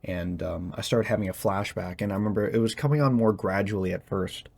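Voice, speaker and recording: A young man speaking in a personal confessional monologue, halting and hesitant as he searches for words, tense as he talks. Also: lowish voice, vocal fry, darkish tone. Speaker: vlogger.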